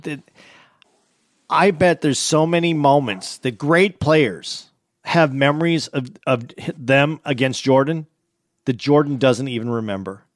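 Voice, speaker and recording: A man's voice: medium pitch, a little slow, dry recording, studio quality. A man co-hosting a podcast, chatting casually in an easygoing, questioning way. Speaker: podcast co-host. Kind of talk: casual chat.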